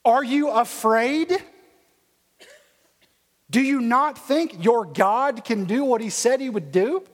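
A man's voice: very high voice, expressive, slow pace, big-room sound, voice pushed up, heavily acted. A man doing a mocking giant warrior. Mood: taunting. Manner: mocking taunts.

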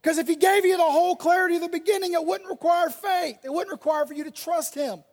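A male pastor preaching a sermon and reading scripture aloud, swinging between loud and soft delivery. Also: very high-pitched, fast talker. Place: church sanctuary. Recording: long reverb of a large hall.

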